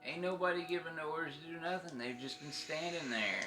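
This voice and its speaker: A man chatting casually in a gruff manner with heavy cursing. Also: a little high, brisk. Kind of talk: casual chat. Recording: roomy echo with faint music.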